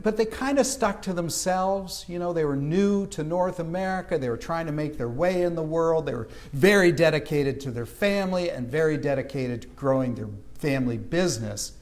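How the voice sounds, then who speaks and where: A man's voice: a little high, moderate pace. A man from Canada preaching a sermon, telling a childhood story and acting out the voices of people in it. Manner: storytelling, animated with acted-out quotes. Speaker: pastor. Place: church sanctuary.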